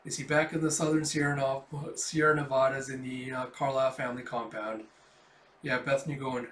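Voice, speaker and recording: A man's voice: mid-range voice, flat delivery, fairly quick, fairly bright tone. A man casually reading a comic book aloud, with swearing and laughing asides. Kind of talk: casual comic readthrough narration. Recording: roomy echo.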